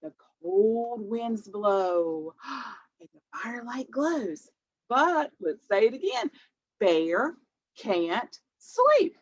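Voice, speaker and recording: Brief: woman librarian, kids' storytime, slow and animated, bouncy pitch, dull lo-fi audio. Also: slightly rough. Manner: animated, sing-song, gasps for effect. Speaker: children's librarian, storytime host. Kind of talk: children's storytime read-aloud.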